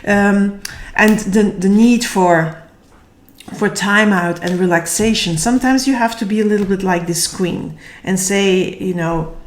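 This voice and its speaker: A woman giving a casual tarot reading, slightly hoarse and tired, thinking aloud and searching for words. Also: medium pitch, a little slow. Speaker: tarot reader. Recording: echoey room.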